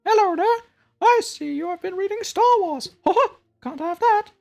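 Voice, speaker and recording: A squeaky, cheerful male cartoon mouse. He chirps with bouncy, overexcited glee and scolds with mock sternness. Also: lively intonation, measured pace, vocal fry, darkish tone, soft background music, exaggerated voice. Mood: gleeful scolding. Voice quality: very high falsetto squeak.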